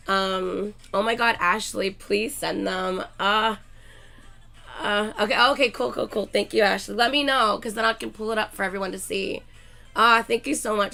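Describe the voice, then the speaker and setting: A young woman who is sick and coughing chats casually with her livestream viewers, gushing excitably and reading names from the chat. Her voice is medium-pitched with vocal fry.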